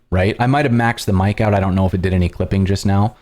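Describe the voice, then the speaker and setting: Loud chatty man at a studio mic. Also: low-pitched, fairly quick. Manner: projected presenter voice, chatty with fillers. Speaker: livestream host. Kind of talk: casual explanatory talk. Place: home studio. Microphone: studio dynamic microphone with compression.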